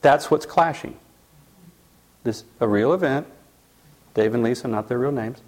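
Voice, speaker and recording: A man's voice: mid-range voice, normal speed. A man teaching a class, telling a case story and then asking the audience questions. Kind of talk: storytelling lecture.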